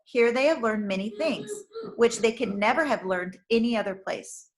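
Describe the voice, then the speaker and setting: A woman reading aloud and voicing a gentle male shepherd who speaks softly and calmly. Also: a little high, moderate pace, a little hiss or hum, lightly acted. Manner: gentle, soft and calm.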